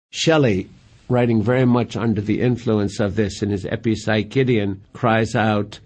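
A man giving a measured, admiring lecture on poetry. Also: on the low side, a little mellow. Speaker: literature lecturer.

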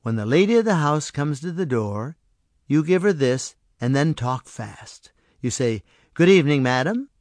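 A man voicing a small mysterious stranger who speaks softly and patiently. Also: a little high, animated, moderate pace, no echo, clean studio sound. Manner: soft, patient and coaxing. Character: small mysterious male stranger, gentle and knowing.

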